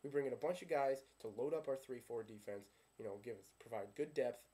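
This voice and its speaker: Dark-voiced sarcastic man, football fan rant. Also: mid-range voice, fairly quick. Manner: sarcastic, ranting, keeps asking himself questions. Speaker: sports vlogger.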